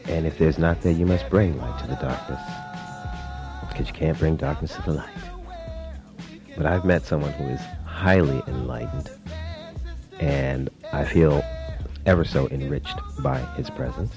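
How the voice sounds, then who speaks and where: A radio host with a bottomless bass voice and easygoing showman patter. He speaks like a DJ playing to the crowd, and soft music plays behind him. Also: a little slow, long pauses. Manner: playful, smooth showman patter. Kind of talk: radio interview. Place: Los Angeles studio.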